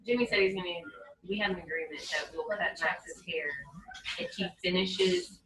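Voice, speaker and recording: A woman chatting casually at a party, slow and halting. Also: fairly low pitch. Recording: echoey room from far off, loud crowd.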